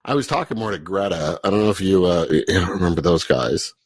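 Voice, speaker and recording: A man hosting a podcast, talking in a laid-back, halting way with many fillers. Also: sits low, expressive, slightly rough, dry recording. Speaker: podcast host. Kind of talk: casual chat.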